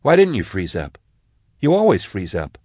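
Man doing a rattled young woman soldier, sarcastic and swearing, deep and close, dry sound. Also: wildly swooping pitch, moderate pace, dark tone, slightly rough, no echo, exaggerated voice. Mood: shaken. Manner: sarcastic, swears, frightened whispers. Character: scared, sharp-tongued young woman soldier.

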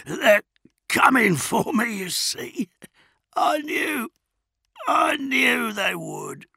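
A man's voice: extremely high pitch, expressive, extremely slow, creaky, slightly rough, no echo, studio quality, voice pushed up, full character voice. A man voicing a defiant wounded male captive who wheezes and raves, coughing blood. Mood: raving. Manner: raving, half-shouted.

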